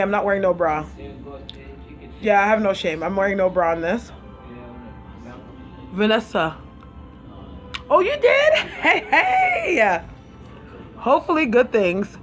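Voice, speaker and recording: A woman with a Caribbean accent hosting a casual live stream, chatting and eating while she answers viewers' comments. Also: mid-range voice. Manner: chatty, eats while talking, reads viewers' comments aloud. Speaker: livestream host.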